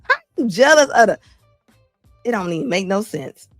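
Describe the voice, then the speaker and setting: A woman hosting a show where she reacts to clips, with animated, incredulous, slangy commentary. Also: medium pitch, moderate pace, no room sound, faint music behind.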